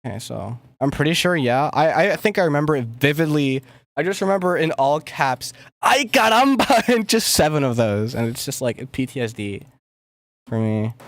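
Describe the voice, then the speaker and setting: A man's voice: mid-range voice, moderate pace, dry recording. Mumbly young man streaming music production. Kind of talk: casual livestream chat while making music.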